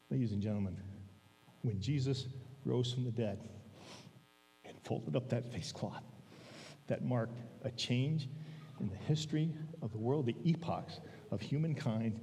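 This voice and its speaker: Male preacher, relaxed conversational sermon, mellow tone, reverberant sanctuary. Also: mid-range voice. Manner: conversational, frequent "all right?" check-ins; slows down for emphasis. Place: church sanctuary. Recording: long reverb of a church hall.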